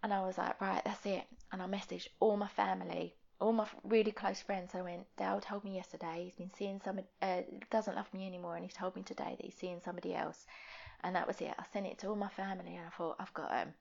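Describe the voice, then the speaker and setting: Gravelly young woman, candid. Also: mid-range voice, level tone, darkish tone, highs cut off. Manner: candid, halting, drops to a near whisper at times. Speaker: interviewee. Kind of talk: personal testimony.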